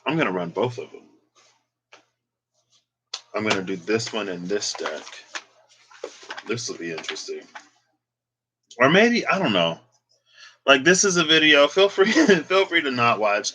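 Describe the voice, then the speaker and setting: A man's voice: medium pitch, expressive, normal speed, pauses often, bright, forceful tone, rough recording. A man doing a casual, rambling tarot reading vlog, chatty and unsure of himself, feeling emotional and close to tears. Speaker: tarot reader.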